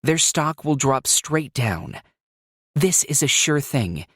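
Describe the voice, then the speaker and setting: A man's voice: on the high side, very animated, slow, fairly bright tone, husky, dry recording, clean studio sound, voice pushed up, exaggerated voice. A man doing a tense, urgent young woman. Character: determined young woman pleading her case.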